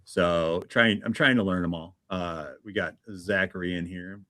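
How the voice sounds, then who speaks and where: A man's voice: low voice, unhurried, pushed and bright, no room sound. A man hosting a casual livestream, chatty and greeting viewers one by one. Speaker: livestream host.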